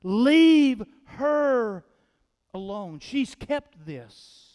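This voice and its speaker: Preacher doing Jesus, stern man, high voice, forceful repeated commands, slow, long hall reverb. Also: very animated, clear, resonant tone, exaggerated voice. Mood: stern rebuke. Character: Jesus, a stern grown man rebuking a greedy disciple.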